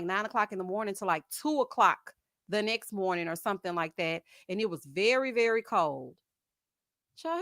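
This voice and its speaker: A woman hosts a casual live chat and answers viewer comments with lively gossip. She laughs often and uses plenty of slang. Her voice sits in a middle pitch, and it is recorded dry and close to the mic. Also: no room sound. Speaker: host of a live chat stream.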